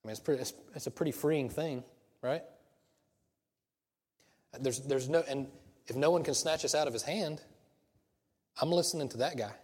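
Husky-voiced man preaching in a reverberant hall. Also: on the high side, moderate pace, pauses often, darkish tone. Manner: conversational preaching with rhetorical questions and restarts. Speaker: pastor. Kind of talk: sermon.

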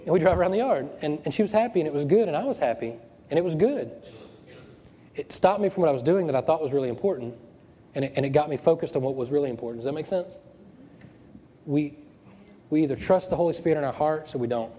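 A male pastor delivers a sermon in a relaxed, conversational way, tossing out rhetorical questions and doubling back on his words. His voice is mellow and dark, picked up by a worn microphone, and it rings with the long reverb of a big hall. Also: a little high, fast, long pauses. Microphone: wearing a microphone.

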